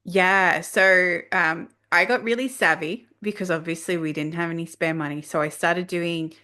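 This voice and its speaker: A woman, a guest on a podcast, telling her story in a lively way and acting out what she said at the time. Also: fairly low pitch, normal speed. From Australia. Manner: animated storyteller who acts out her own past lines. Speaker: guest, leadership coach. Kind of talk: casual podcast conversation.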